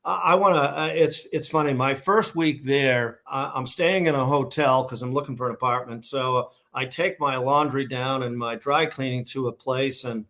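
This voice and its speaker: A man's voice: mid-range voice, normal speed, few pauses, sharp tone. A middle-aged man from Massachusetts with a Boston accent, telling stories as a company founder in a casual interview, rambling with fillers and restarts. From Massachusetts, USA. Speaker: guest, shoe company founder.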